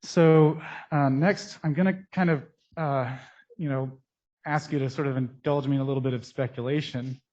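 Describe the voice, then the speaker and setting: Male scientist at a conference mic, mid-pitched, halting and technical, dull muffled sound through a mask. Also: steady tone, darkish tone. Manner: technical, halting with frequent pauses. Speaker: scientist presenting research. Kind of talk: conference lecture. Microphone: speaking into a mic.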